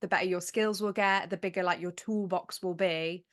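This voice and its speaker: A woman's voice: fairly low pitch, fairly even intonation, normal speed. A woman hosting a podcast interview, asking questions and reacting with enthusiastic encouragement. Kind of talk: casual interview chat.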